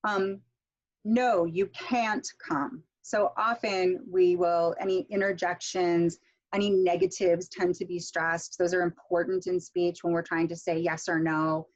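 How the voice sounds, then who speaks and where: A middle-aged woman teaching English pronunciation in an online workshop, explaining step by step and saying example words slowly with clear stress. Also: on the low side, level tone, lo-fi sound.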